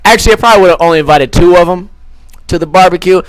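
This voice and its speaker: A young man with a high voice tells a rambling, foul-mouthed story as a podcast host. He keeps slipping into quick put-on voices for the people in it. The sound is dry and close, with no room echo. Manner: crude, rambling, swears a lot, acts out quoted voices. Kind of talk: casual storytelling.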